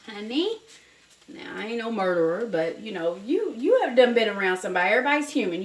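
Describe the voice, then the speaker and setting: A woman with a Southern US accent chatting casually while she cooks, folksy and talkative, calling her viewers honey and baby. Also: a little high. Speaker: cooking vlogger. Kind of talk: casual cooking chat to camera. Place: home kitchen. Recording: roomy kitchen with cooking noises. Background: faint clatter of dishes and cutlery.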